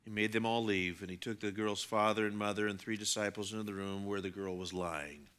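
A man preaching a sermon, animated, acting out the voices of people in the story and swinging between loud outbursts and hushed lines. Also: fairly low pitch, a little fast, clear, resonant tone. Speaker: pastor.

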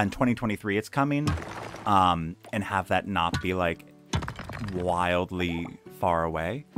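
Playful young guy streaming a game, super animated, joking on himself, soft music behind. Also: on the low side. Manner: playful, self-mocking, chatty. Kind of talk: live game stream chat.

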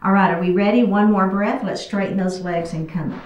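A woman with a medium-pitched voice teaches a chair yoga class a little fast, chatty and encouraging, and slightly out of breath as she talks through the poses while moving. The room is echoey, she's far from the mic, and there's a little hiss or hum.

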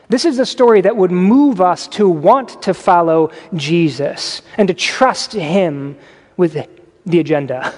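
A man preaching a sermon as pastor in a conversational way, with animated asides. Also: on the high side, long reverb tail. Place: church sanctuary.

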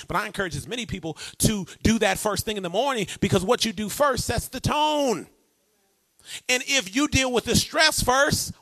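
A man preaching a sermon, animated and conversational, drawing responses from the congregation. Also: high voice, vocal fry, no room sound. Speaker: pastor.

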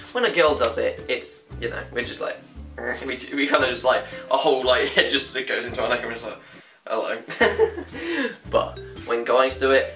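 A woman's voice: rumbling low, sharp tone. Exasperated British young woman ranting. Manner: exasperated, laughs often. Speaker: vlogger. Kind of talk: comic ranting monologue. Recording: roomy echo, distant mic, faint music.

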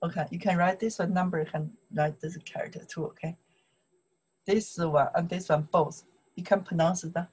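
A woman's voice: on the low side, fairly even intonation, normal speed, breathy edge, rough recording. A woman with a Chinese accent teaching her native language in English, saying "okay" again and again as she explains. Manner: repeats okay often, non-native English grammar. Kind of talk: casual online language lesson.

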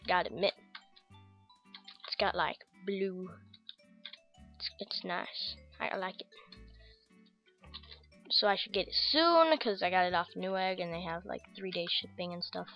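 A woman's voice: on the low side, measured pace, pauses often, lo-fi sound, soft background music. A woman with an American accent hosting casual Minecraft gameplay commentary in a rambling, goofy, chatty way. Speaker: gaming channel host.

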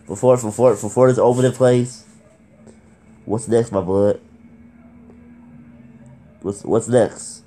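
A man reacting to an anime episode in casual commentary, excitable and quick to burst out emotionally. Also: mid-range voice, slight background noise. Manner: excitable, exclaiming, emotional outbursts. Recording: show's music playing behind voice.

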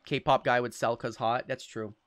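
A young man streaming a game live, reacting excitably with jokes and frequent swearing. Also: mid-range voice, moderate pace, smooth. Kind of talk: live gameplay commentary.

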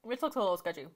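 Female reaction host, casual and talkative, expressive pitch, slips into quiet murmured asides. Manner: chatty, thinks aloud, drops to quiet murmurs. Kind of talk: casual movie reaction commentary.

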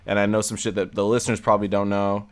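A man co-hosting a casual podcast, relaxed and teasing as he talks. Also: fairly low pitch, quick pace. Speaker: podcast co-host.

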